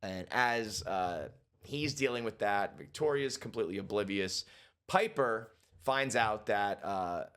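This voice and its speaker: A man giving a casual reaction and breakdown of a TV episode, animated and swearing freely, acting out characters' lines in quick voices. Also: on the low side, clear, resonant tone. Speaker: TV show reviewer.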